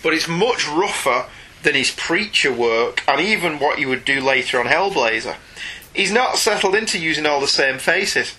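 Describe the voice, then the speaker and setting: A man's voice: on the high side, lively intonation, moderate pace, pushed and bright, low-quality recording. A man co-hosting a comics podcast, chatting casually and rising eagerly when he makes a point. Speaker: podcast co-host. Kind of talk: casual chat about comics.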